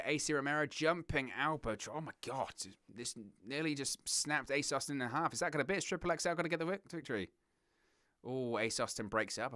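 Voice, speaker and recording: A young man from southern England with a southern English accent, hosting a wrestling watch-along with excitable play-by-play commentary. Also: medium pitch, dry recording, clean studio sound. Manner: excitable play-by-play, giggles at puns, reads chat.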